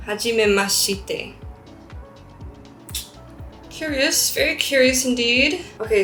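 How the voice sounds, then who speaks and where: A young woman in her twenties, chatting curiously in a casual language-learning vlog and laughing at herself. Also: medium pitch. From United States. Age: 20s. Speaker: vlogger. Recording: roomy sound with faint background music.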